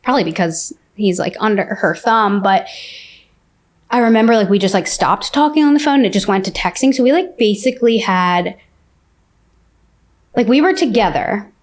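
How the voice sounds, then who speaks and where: A woman at a middle pitch talks openly about her own past as a podcast guest. Her storytelling is loose and conversational, scattered with "like" and "um." The delivery stays frank and unpolished. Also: lively intonation, moderate pace. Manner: candid, says "like" often. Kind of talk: casual personal storytelling.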